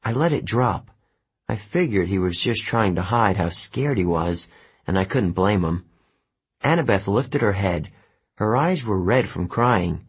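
A man's voice: lowish voice, normal speed, husky. A man reading a first-person novel aloud as an audiobook narrator, voicing each character. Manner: animated storytelling, voices each character.

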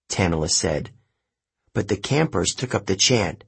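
A man narrating an audiobook in the first person, telling the story in a plain, measured way. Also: low voice, sing-song, gravelly, husky.

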